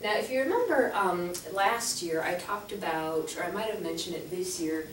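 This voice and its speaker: A woman's voice: on the low side, animated, normal speed, a little hiss or hum. A woman teaching a French class, patiently explaining and spelling out words letter by letter. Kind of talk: classroom instruction. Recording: echoey classroom heard from a distance.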